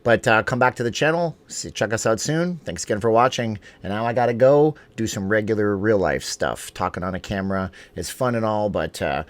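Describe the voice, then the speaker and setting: A man's voice: lowish voice, a little fast, hardly any pauses. A man hosting a vlog, giving opinionated commentary in a ranting way, often repeating and restarting his words. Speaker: vlog host.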